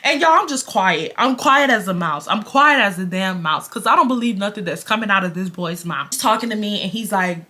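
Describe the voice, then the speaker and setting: A woman's voice: medium pitch, expressive, fairly quick, hardly any pauses, sharp tone. A woman, telling a frank, slangy storytime to her viewers and calling them y'all. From Houston, Texas. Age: 20s. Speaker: storytime vlogger.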